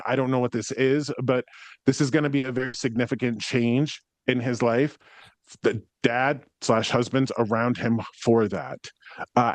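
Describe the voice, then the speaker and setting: A man's voice: medium pitch, dry recording. A man in a mid-range voice gives a psychic reading, rambling and hesitant with many fillers, and cheerfully swears when passing on messages. The sound is dry and close. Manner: rambling, hesitant, frequent ums and likes, swears when relaying spirits. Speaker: psychic medium. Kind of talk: spirit reading to a sitter.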